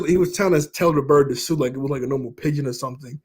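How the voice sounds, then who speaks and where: A man's voice: fairly high pitch, quick pace, few pauses, husky. A young man chatting casually about movies, meandering, with lots of fillers and frequent laughs. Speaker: YouTuber. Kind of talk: casual rambling commentary.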